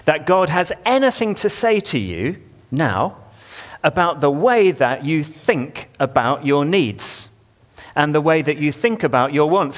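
A male pastor preaching a sermon in a church, talking conversationally and putting questions to the congregation. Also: medium pitch.

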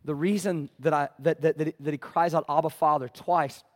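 High-voiced preaching man, loud and hushed by turns. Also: fairly even intonation, brisk. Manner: preaching with big swings from loud pleading to hushed; calls for "amen" from the congregation. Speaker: pastor. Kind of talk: sermon.

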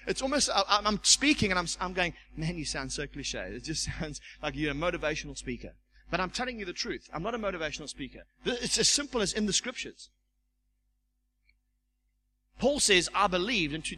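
A man preaching a sermon as pastor, animated, stumbling over repeated words and acting out the voices he quotes. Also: high-pitched, slight background noise, poor audio. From South Africa.

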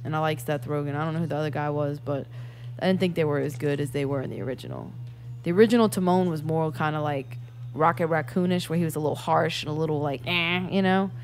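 A woman chatting casually about a movie, animated and swearing a lot as she acts out scenes. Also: deep voice, quick pace. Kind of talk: casual chat, movie review.

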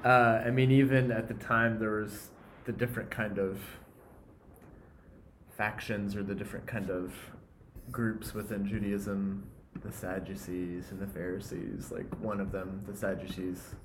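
A man co-hosting a Bible podcast, explaining scripture in a quiet, unhurried way that trails off. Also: on the low side, little pitch movement, slight background noise. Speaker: co-host, Bible scholar. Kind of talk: casual explanatory chat.

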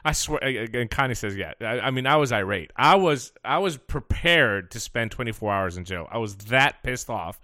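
Animated, swearing male podcast host. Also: medium pitch, normal speed, few pauses, no echo, clean studio sound. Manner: animated, profane, gets heated retelling a complaint. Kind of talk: casual storytelling. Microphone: podcast mic.

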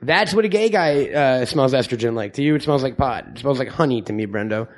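A man's voice: medium pitch, lively intonation, a little fast. A man co-hosting a comedy podcast, teasing his co-host with crude jokes and reading an ad. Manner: profane, teasing, jokey. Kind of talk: crude comedic banter and ad read. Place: live show venue in front of audience.

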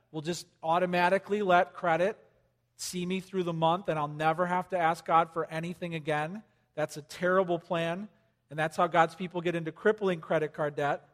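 High-voiced pastor preaching in a reverberant hall. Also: male voice, moderate pace. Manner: animated, conversational, swings from loud emphasis to quiet. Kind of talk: sermon. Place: church hall with congregation.

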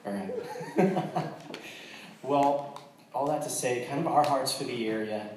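An American missionary shares his testimony with a church congregation in a mid-range, expressive, darkish voice. He's earnest but quick to joke, often restarting his sentences. He sounds far from the mic in a heavily echoing hall, with a little hiss or hum.

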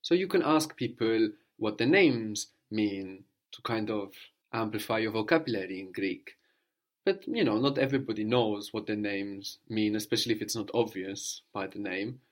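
A man teaching a language lesson, patiently prompting and repeating answers slowly. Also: fairly low pitch.

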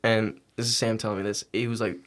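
A young man, a podcast guest, telling a story in a casual, animated, slangy and profane way. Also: lowish voice, quick pace.

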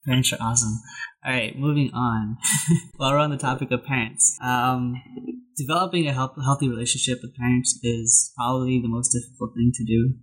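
A man leads a relaxed group conversation, telling a family story at an easy pace. His voice is husky and he keeps it level, with little rise and fall. He laughs readily along with the others. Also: medium pitch, fairly quick, poor audio. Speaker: host. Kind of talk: casual group chat.

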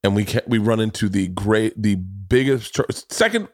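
A man's voice: on the low side, moderate pace, darkish tone, dry recording, studio quality. A man hosting a podcast in casual chat, telling self-deprecating stories with frequent restarts and swearing. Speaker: podcast host.

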